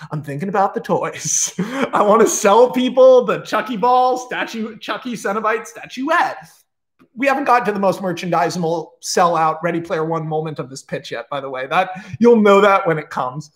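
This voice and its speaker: Excitable and swearing freely, a man tosses out a movie plot pitch on a livestream in a casual way, rushing in bursts and frequently starting over.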